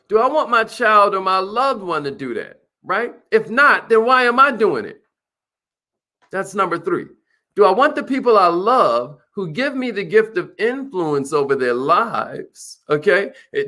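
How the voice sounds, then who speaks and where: A man's voice: sits high, pushed and bright. A man giving an emphatic motivational talk, repeating questions and hyping up his listeners. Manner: emphatic, repetitive, hyped, calls listeners millionaires. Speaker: motivational speaker.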